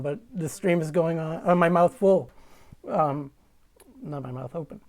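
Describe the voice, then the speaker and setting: Woman, low gravelly voice, casual livestream host, rambling chatter, webcam mic at home. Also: normal speed, darkish tone. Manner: rambling, self-correcting, chatty. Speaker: concert series host.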